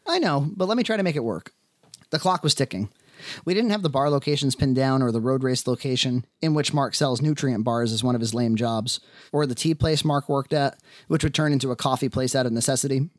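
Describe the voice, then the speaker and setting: An independent filmmaker narrating the making of his film in measured, wry first person. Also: mid-range voice, no echo, studio quality.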